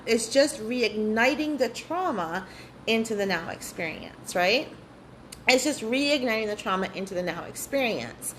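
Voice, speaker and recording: A woman's voice: mid-range voice, slight background noise, rough recording. A woman hosting a live spiritual workshop. She talks earnestly and candidly, swears freely and often repeats her phrases. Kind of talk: live online workshop talk.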